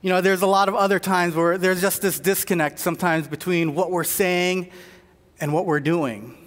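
High-voiced preacher in a reverberant hall. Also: male voice, steady tone, normal speed, a bit bright. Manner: storytelling with many restarts and fillers. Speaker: pastor. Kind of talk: sermon.

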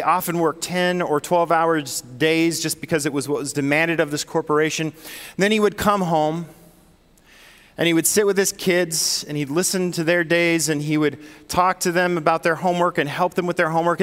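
A man's voice: high-pitched, fairly bright tone, big-room sound. A man preaching a sermon as pastor, telling a story in a conversational way. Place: church sanctuary.

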